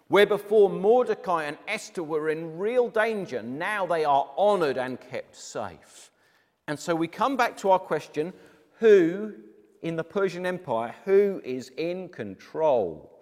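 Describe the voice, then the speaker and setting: Male Bible teacher, lively dramatic storyteller, slightly high voice, reverberant room. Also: unhurried. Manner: animated, dramatic retelling addressing viewers.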